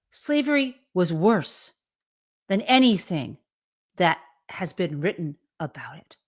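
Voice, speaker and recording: Slow, emphatic indignant woman host. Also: fairly low pitch. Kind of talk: live commentary show.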